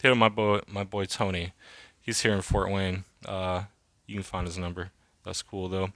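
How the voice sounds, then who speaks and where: A man in his thirties talks on his own in a loose, rambling podcast monologue. He swears a lot and leans on fillers as he goes. His voice sits on the low side and sounds dry and close, with no room echo. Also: flat delivery, moderate pace, sharp tone. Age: 30s. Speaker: podcast host. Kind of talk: casual solo podcast monologue.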